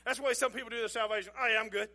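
Middle-aged man, pastor telling a sermon story, chatty, chuckling, bright tone. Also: extremely high pitch, fairly even intonation, racing. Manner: folksy, chuckling, conversational.

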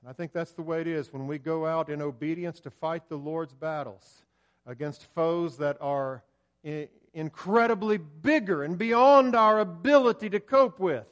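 A man preaching a sermon, building to loud emphatic peaks and dropping low and slow. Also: dull audio.

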